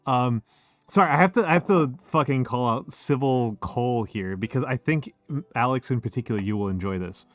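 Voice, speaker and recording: A man's voice: medium pitch, a little fast, no echo. Rambling, cursing man on a dry mic. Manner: rambling, profane, self-interrupting. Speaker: streamer host. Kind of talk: casual drinking stream chat.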